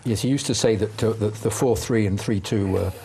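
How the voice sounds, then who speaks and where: A man's voice: on the low side, warm tone. A man co-hosting a football fan podcast, telling stories and joking. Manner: quick, playful storyteller. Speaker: podcast co-host. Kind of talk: casual football chat.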